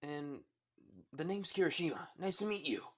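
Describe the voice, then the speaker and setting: Casting: man voicing an eager, apologetic teen boy, slightly raised pitch. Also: lively intonation, normal speed, a bit bright, breathy edge. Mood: excited. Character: eager teenage boy, excitable and friendly.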